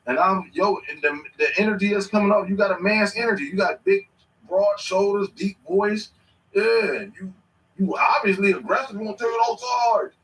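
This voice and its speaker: A man in his thirties telling stories in casual chat, animated and swearing freely. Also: high-pitched, moderate pace, far from the mic. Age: 30s. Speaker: podcast host. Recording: echoey room, away from the mic.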